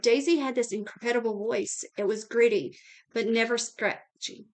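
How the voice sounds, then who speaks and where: A woman's voice: fairly high pitch, moderate pace, natural voice. A woman reading the casual lines of a laid-back young male band frontman.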